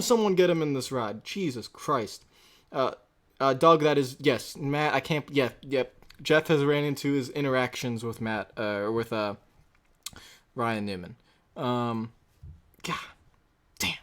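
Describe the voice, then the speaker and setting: A man's voice: medium pitch, a little slow. A man hosting a reaction vlog, ranting in a heated, profane and rambling way. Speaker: channel host.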